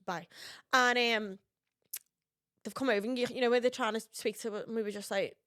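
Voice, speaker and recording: A young Scouse woman hosts a podcast, chatty and blunt and happy to swear. Her voice sits a little high. The close mic sounds dry. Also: steady tone, normal speed, a bit bright, no room sound. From Liverpool, England. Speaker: podcast host. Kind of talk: casual chat.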